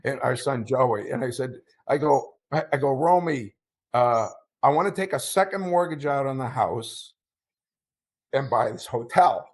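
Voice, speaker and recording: A man's voice: medium pitch, measured pace. Middle-aged guy telling his story in an interview, stops and repeats himself, gets choked up. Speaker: interview guest. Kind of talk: emotional storytelling.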